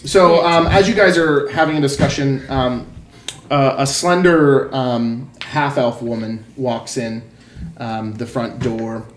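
A man's voice: mid-range voice, fairly even intonation, slow. Man running a tabletop game, rambling narration, echoey room, faint hiss. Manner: loose, many ums and restarts. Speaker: game master.

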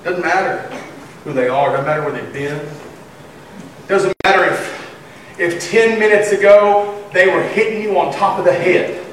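A high-pitched man preaches a sermon with humor and sudden excited shouts. His voice rings through a very echoey church, picked up from some distance away. A faint background hum sits under him. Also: unhurried. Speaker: pastor. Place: church sanctuary.

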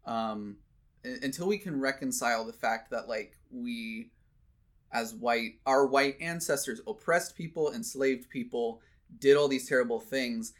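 An earnest man in relaxed conversation, his voice pitched in a typical middle range. He talks thoughtfully, circling back with restarts and fillers as he works through his points. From United States. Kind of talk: casual conversation.

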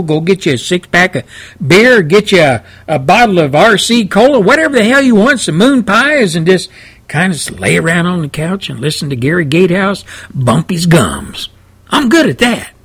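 A man's voice: high-pitched, a bit bright, husky. A man hosting a talk radio show from his home studio, talking in a folksy, rambling, plain-spoken way. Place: home studio, seated in an easy chair.

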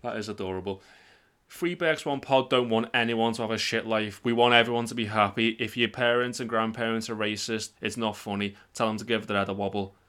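Bright-voiced, jokey man. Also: fairly low pitch, steady tone, brisk, clean tone. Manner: jokey, teasing. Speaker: podcast host. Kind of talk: casual chat.

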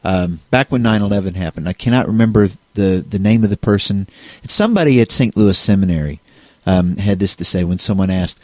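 A man's voice: low-pitched, a little fast, a little mellow, no echo. A man co-hosting a casual discussion on faith, talking in a rambling way with many restarts and fillers. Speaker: co-host.

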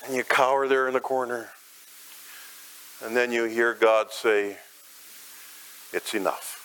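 A male preacher leads his listeners through a scene in a dramatic sermon. His voice sits at a medium pitch, climbing loud and high at the peaks and sinking soft and low in the quiet passages. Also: steady tone, unhurried, clear, resonant tone, low-quality recording. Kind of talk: sermon, guided imagery.

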